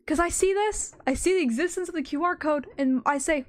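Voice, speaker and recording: A young woman with a high, bright voice tells a story in a loose, rambling way. She mocks herself as she goes and swears freely. It sounds like a casual streamer chatting. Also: animated, moderate pace, few pauses. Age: young adult.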